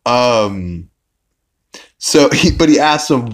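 A young podcast host with a low-pitched voice recaps an episode a little slowly. He rambles in a casual way, restarting often and leaning on fillers.

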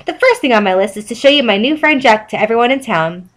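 A cheerful, naive cartoon sea sponge, voiced by a woman reading a story aloud. He chirps along high and eager in a sing-song lilt. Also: lively intonation, fast talker, a bit bright. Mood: excited. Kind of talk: reading fan fiction aloud.

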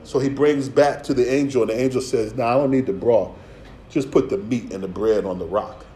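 Man, pastor, streetwise sermon with playful asides, mellow voice, roomy echo, faint hum behind. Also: mid-range voice, brisk. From Philadelphia.

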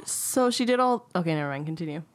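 A woman listening in a casual chat, mostly giving short replies and quick questions. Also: lively intonation. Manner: short backchannel replies, low-key.

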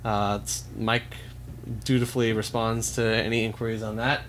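A man's voice: on the low side, flat delivery, moderate pace, fairly bright tone, slight background noise. A man hosting a podcast, chatting casually with rambling asides and joking remarks. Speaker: podcast host.

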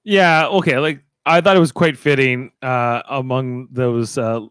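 A man's voice: mid-range voice, no room sound. A man in casual podcast chat, rambling through his opinions with many fillers. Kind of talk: casual reality TV recap chat.

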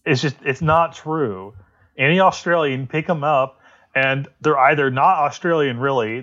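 A man's voice: fairly high pitch, lively intonation, a little slow, a bit bright. Rambling sarcastic man, lo-fi sound. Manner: rambling, sarcastic, swears freely. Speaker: podcast co-host. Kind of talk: casual political chat.

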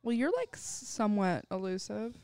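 A woman hosting a casual podcast, joking and tossing out quick asides. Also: medium pitch, dark tone, clean tone, no room sound.

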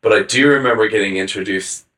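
A man's voice: fairly low pitch, fast, fairly bright tone, distant mic. A man co-hosting a casual podcast chat, talking loosely with lots of hesitations and filler words. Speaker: podcast co-host.

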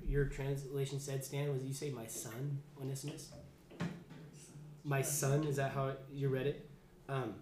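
A man leading an informal Bible study class, casual and chatty, often restarting his sentences. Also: medium pitch. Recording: echoey room, faint background noise.

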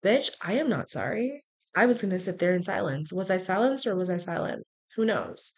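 A woman hosting a podcast, telling a personal story in a frank, animated way with sarcastic asides. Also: fairly low pitch, moderate pace, vocal fry, breathy edge. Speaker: podcast host. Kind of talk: casual storytelling monologue.

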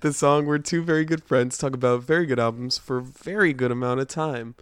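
A man's voice: medium pitch, a little fast, clean tone, no echo, studio quality. A man co-hosting a casual podcast, talking in a loose, giggly, laid-back way. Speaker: podcast co-host.

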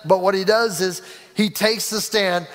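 High-pitched guy preaching a sermon, big echo like a church hall. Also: fairly even intonation, a little slow, a bit bright. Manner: preaching with rising emphasis and acted-out quotes. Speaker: pastor. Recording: reverberant hall.

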